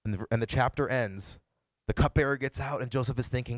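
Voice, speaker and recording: A man's voice: mid-range voice, fairly quick, dry recording. A man pastor giving a casual, conversational sermon and retelling the story in his own words. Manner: conversational, playfully voices the characters he quotes.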